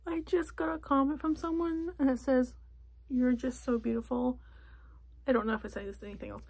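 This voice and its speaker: A young woman vlogging in a casual chat from a closet at home, talking softly and often slipping into a whisper. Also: high voice, lively intonation, fast. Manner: soft, often drops to a whisper.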